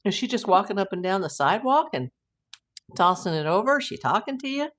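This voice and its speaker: A woman's voice: medium pitch, sing-song, a little fast. A woman hosting a casual live stream, telling rambling anecdotes and laughing often. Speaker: host of a live YouTube channel.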